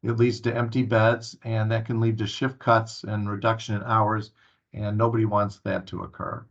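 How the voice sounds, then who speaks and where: A man's voice: fairly low pitch, level tone, normal speed, gravelly. A man giving a staff training presentation at a town hall meeting, earnest and full of filler sounds and restarts. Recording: muffled lo-fi recording.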